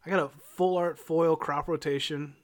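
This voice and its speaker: A man's voice: a little high, fairly even intonation, normal speed. A man co-hosting a podcast, chatting loosely and cracking jokes. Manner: laughing, loose, joking asides. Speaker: podcast co-host. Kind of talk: casual podcast chat.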